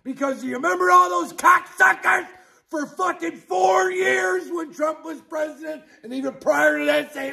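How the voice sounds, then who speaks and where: A middle-aged man hosting a podcast, ranting angrily and profanely about politics, dropping from low mutters to outbursts while drinking beer. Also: moderate pace, gravelly. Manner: angry, profane, swings between muttering and shouting. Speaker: podcast host.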